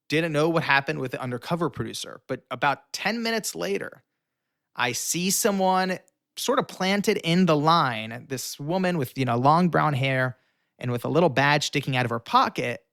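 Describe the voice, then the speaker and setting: A young man, a guest in an interview, telling a story with lively animation and acting out the lines of the people in it. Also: on the high side, normal speed, vocal fry, dry recording, studio quality.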